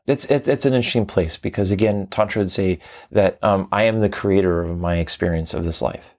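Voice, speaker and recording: A man who teaches tantra, telling his story in a reflective, animated interview. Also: low-pitched, a little fast. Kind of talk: conversational interview.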